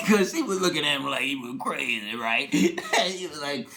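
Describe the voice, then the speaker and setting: A loose, laughing storyteller who retells a film scene in a casual way. The voice is very animated and bright, with a sharp edge. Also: mid-range voice, unhurried.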